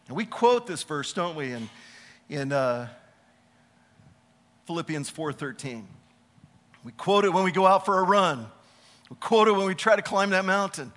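A man preaching a sermon as a pastor, animated, stretching key words and dropping to a chatty tone for personal stories. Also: on the high side, moderate pace, pauses often.

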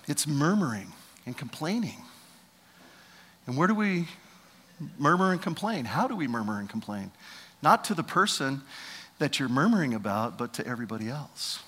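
A man in his fifties preaching a sermon as pastor, swinging between loud preaching and hushed asides. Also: mid-range voice, brisk, long reverb tail. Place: church.

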